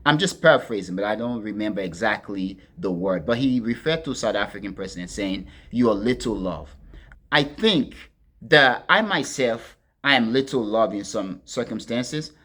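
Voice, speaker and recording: A man hosting a political commentary monologue, talking to his listeners as friends in a deliberate, emphatic way and leaning hard on key words. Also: lowish voice, expressive. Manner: deliberate, addresses listeners as friends, stresses words with sharp swings in loudness.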